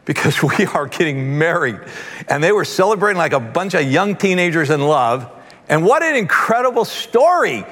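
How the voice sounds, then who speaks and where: A man's voice: a little high, big pitch swings, moderate pace, a bit bright, long reverb tail. A man preaching a sermon, telling a story animatedly with quoted voices. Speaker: pastor.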